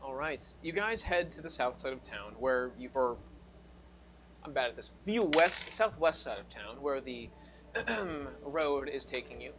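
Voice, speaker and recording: A man's voice: mid-range voice, lively intonation, measured pace, noisy background. A man narrating as dungeon master of a streamed tabletop game, loose and rambling, with restarts and asides.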